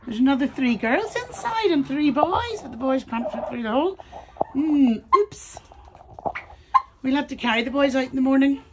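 Woman, high lively baby-talk voice for farm birds, noisy outdoor pen. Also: moderate pace. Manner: cooing, sing-song pet talk. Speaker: farm keeper talking to her poultry. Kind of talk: casual vlog, baby talk to animals. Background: birds clucking and gobbling.

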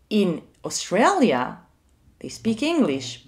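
A woman teaching a music lesson to young children, speaking clearly and leading them to repeat after her. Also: fairly low pitch, sing-song, darkish tone. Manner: slow, clear and sing-song, leading call-and-repeat.

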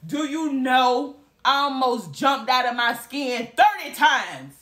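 A woman's voice: sits high, expressive, takes it slowly, fairly bright tone. A young woman from Alabama, telling a story dramatically in a casual vlog. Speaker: vlogger.

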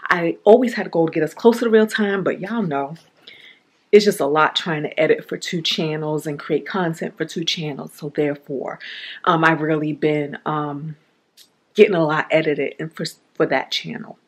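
A woman's voice: deep voice, steady tone, moderate pace. Chatty woman vlogging at home. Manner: chatty, talks straight to viewers with "y'all". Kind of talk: casual home vlog talking to camera. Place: inside a home, walking between rooms.

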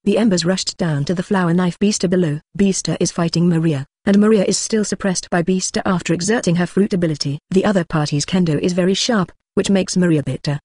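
A synthetic-sounding narrator reading a translated fantasy novel in a steady, even manner without fillers. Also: mid-range voice, fairly quick, few pauses, breathy edge, dry recording, studio quality. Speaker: audiobook narrator.

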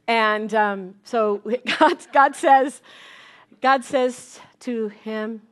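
A middle-aged woman pastor preaching a sermon, telling a family testimony in a lively storytelling way with many repeats and restarts. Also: on the high side, very slow.

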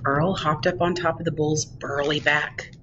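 A woman librarian reading a picture book aloud to children, expressive and drawn out. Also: low-pitched, moderate pace, recorded from a distance, highs cut off, noisy background.

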